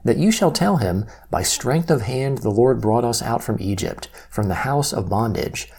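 A man reading Bible passages aloud in a steady, measured way, with quoted lines lifted slightly. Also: medium pitch, gravelly, breathy edge. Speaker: Bible reader.

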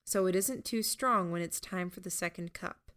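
A woman's voice: lowish voice, moderate pace, fairly bright tone, clear, resonant tone, lightly acted. A woman voicing a timid, childlike stitched girl with a small, hesitant, pleading voice. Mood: meek, anxious. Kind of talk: audiobook character voice.

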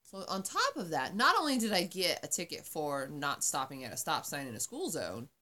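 Low-voiced woman telling a story casually. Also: normal speed. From Arizona. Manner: profane, animated storytelling. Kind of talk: casual chat.

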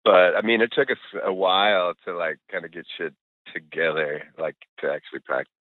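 A deep-voiced middle-aged musician talks fairly quickly as a guest in a casual call interview. He is loose and rambling, leaning on fillers and letting slip the odd swear word. The audio comes over a tinny, phone-like line, dry with no room sound.

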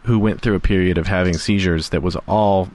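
A man with a very low voice chatting on a podcast. He speaks haltingly, restarting phrases and letting his voice drop and trail off at the ends of thoughts. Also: fairly even intonation, darkish tone. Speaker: podcast co-host. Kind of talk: casual chat.

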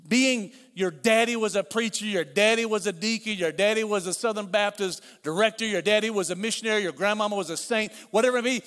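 A man's voice: sits high, fairly bright tone. A middle-aged man preaching a sermon as pastor, conversational, with repeated phrases and asides. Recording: long hall reverb.

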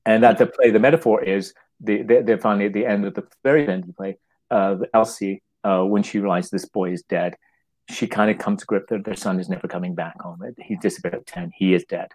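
A man who writes plays, talking casually in an interview, halting and restarting his words and acting out little quotes. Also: fairly low pitch, steady tone, a little mellow, rough recording. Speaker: playwright.

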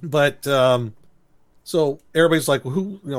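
A man of medium pitch talks at a normal speed, chatting casually as a podcast co-host. He retells a cartoon episode, laughing and putting on silly voices for the quoted lines.

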